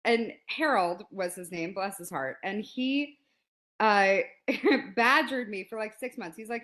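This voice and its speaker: A woman in her forties, a podcast guest telling a story in a lively, casual way and acting out quotes. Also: mid-range voice, a little slow. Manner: animated, laughs often, acts out quotes.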